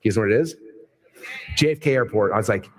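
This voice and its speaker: Fast, excitable man telling a story on stage. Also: fairly low pitch, very noisy. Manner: excited, rambling, playful. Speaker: keynote speaker.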